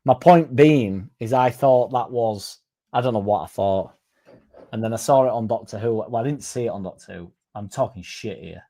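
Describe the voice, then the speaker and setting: A man's voice: fairly low pitch, moderate pace, dark tone. A man co-hosting a casual chat, rambling, self-deprecating and swearing casually. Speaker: podcast co-host.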